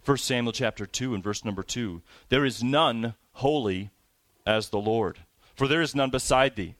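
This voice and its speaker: A man preaching a sermon, reading scripture aloud slowly and building his emphasis on key words. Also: medium pitch, fairly bright tone, dry recording. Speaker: pastor.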